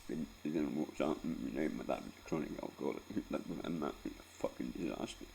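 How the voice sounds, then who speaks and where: A man's voice: a bass voice, fast, vocal fry, a little mellow, slight background noise. A Scottish man in his forties telling a painful personal story in a rambling, sweary way, close to tears and often tagging on "right?". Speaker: vlogger.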